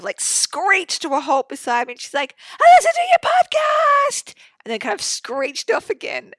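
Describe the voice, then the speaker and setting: A woman's voice: medium pitch, creaky, a bit bright, no room sound. A woman, hosting her own podcast in a chatty, effusive, sweary way from a home studio. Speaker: podcast host. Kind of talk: casual solo podcast monologue.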